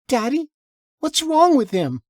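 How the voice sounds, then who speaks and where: A man voicing a scared little girl who pleads with her father in a high, small voice. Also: huge pitch swings, measured pace, a little mellow, no room sound, clean studio sound, full character voice. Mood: frightened.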